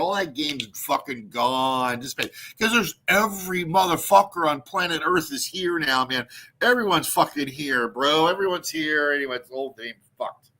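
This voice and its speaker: A man's voice: fairly high pitch, bright, forceful tone. A man hosting a livestream, rambling crudely, swearing, and laughing often. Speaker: livestream host. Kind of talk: rambling casual livestream chat.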